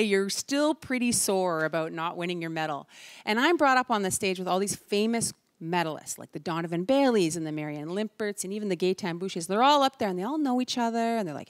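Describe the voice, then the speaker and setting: A woman in her forties from Canada, giving a lively storytelling talk to a live audience and acting out the voices of the people in her stories. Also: a little high, brisk, no echo. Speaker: keynote speaker. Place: large event hall before a live audience.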